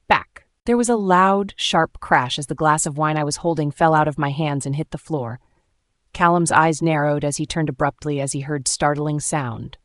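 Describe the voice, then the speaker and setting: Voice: mid-range voice, no echo, clean studio sound. A narrator reading a first-person romance story aloud with dramatic, emotional delivery.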